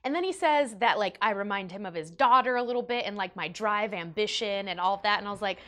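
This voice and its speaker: A young woman vlogger telling a personal story in an animated, emotional way, with big swings in her voice. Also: mid-range voice, fast. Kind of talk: storytime vlog.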